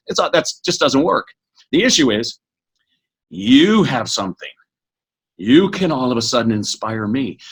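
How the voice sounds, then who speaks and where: A middle-aged man with a husky voice talks as a podcast guest, giving a motivational talk. He speaks quickly and eagerly, often catching himself mid-sentence and starting over. His pitch sits in an ordinary middle range for a man. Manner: energetic, fast, with many restarts.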